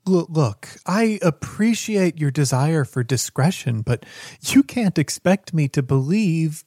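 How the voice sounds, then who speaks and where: A man's voice: on the high side, lively intonation, measured pace, dark tone, dry recording, clean studio sound, pitched above the performer's own voice. A man voicing a devout, earnest woman priest who speaks with reverent fervor. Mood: fervent. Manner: reverent, fervent.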